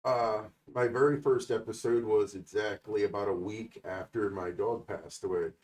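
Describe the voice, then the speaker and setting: A man guesting on a podcast who answers questions in a hesitant way with many pauses. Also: fairly low pitch, steady tone, a little mellow. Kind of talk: casual interview answers. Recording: distant, echoey mic.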